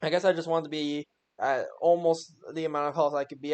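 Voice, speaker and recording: A man's voice: a little high, fairly even intonation, a little fast, clean tone. A young man giving a casual voice-over on his own game run, joking and exasperated at his own plays. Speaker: gaming YouTuber.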